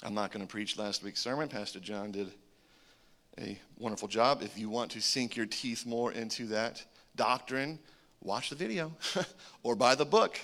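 A man preaching a sermon, animated, with joking asides and swings between loud calls and hushed remarks. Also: medium pitch, moderate pace. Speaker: pastor.

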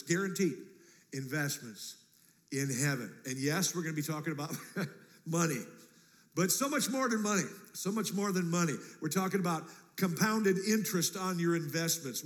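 Guy preaching a sermon, kinda high voice, jokey and animated, big church echo. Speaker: pastor. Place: church sanctuary. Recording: long church reverb.

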